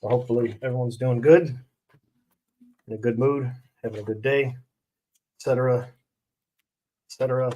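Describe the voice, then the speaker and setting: A man's voice: medium pitch, steady tone, moderate pace, long pauses, mellow, slight background noise. Brief: man in a mid-range voice, blunt and fired up, casual live-stream host who rants.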